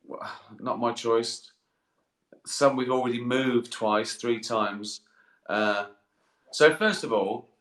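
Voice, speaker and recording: A man's voice: mid-range voice, fairly bright tone. Tired, chuckling man in an echoey bathroom. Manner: rambling, swearing, chuckling. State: tired and sleepy. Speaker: comedian hosting a live stream. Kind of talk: casual live-stream chat. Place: in a bath, bathroom.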